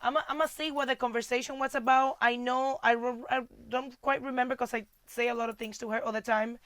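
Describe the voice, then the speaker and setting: High, bright-voiced teasing woman. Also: fairly quick, no echo. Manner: teasing, blunt, animated. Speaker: host. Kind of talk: casual chat.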